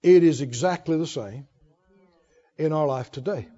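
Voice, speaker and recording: A man's voice: on the high side, moderate pace, mellow, highs cut off. A man preaching a sermon, asking questions and answering them in a folksy, call-and-response way.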